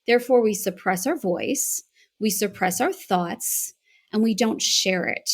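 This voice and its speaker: A woman's voice: medium pitch, unhurried. A woman with an American accent, a voice and accent coach, telling a reflective story as an interview guest. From United States. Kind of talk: conversational interview answer.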